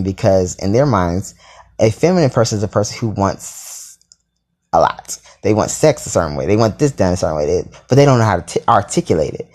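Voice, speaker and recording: A man telling a story in a casual, sassy and profane way, with dramatic asides and sudden jumps into a high voice. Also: darkish tone.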